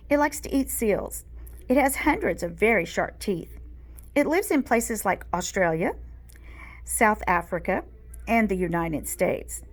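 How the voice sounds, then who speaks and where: A woman voicing an earnest young schoolboy who loves sharks, in a storybook read aloud, speaking carefully. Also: medium pitch.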